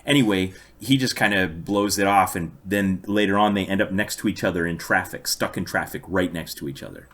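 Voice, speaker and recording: A man's voice: low-pitched, a little fast, hardly any pauses, fairly bright tone. A man co-hosting a podcast, casually telling long stories with dry amusement. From United States. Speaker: podcast co-host. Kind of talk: casual chat, storytelling.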